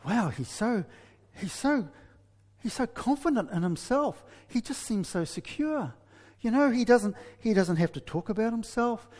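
A man's voice: high-pitched, expressive, unhurried, darkish tone, long reverb tail, voice pushed up. A man voicing a chatty young woman, first smitten and later exasperated with her husband.

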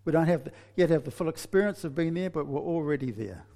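A man preaching a sermon, telling a story with many restarts and lively asides. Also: on the high side, fast, in a large hall.

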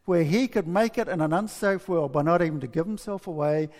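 A man preaching a sermon, telling a story with many restarts and lively asides. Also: a little high, fairly quick, in a large hall.

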